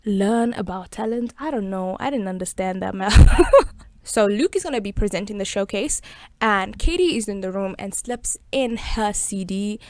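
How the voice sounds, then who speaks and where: A young woman hosting a film review in casual, sarcastic commentary, chatty and quick to laugh. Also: medium pitch, darkish tone. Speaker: video host reviewing a film.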